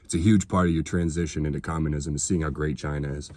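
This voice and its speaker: Speaking quickly and steadily, this man has an extremely low, darkish voice. He's a political vlogger delivering a heated, sarcastic monologue to camera, cursing freely at his viewers.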